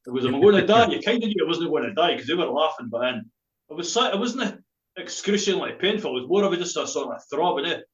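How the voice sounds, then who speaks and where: A man's voice: on the high side, expressive, fast, echoey room, dull audio. A Scottish man with a Dundee accent, a spoken word poet telling a rambling, laughing story full of swearing and local slang. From Scotland.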